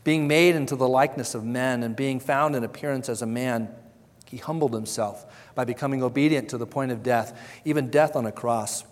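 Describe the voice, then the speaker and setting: A man's voice: mid-range voice, fairly quick, in a large hall. A man preaching a sermon, earnest and conversational, who briefly acts out the voices of the people he quotes and often repeats his words. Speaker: pastor.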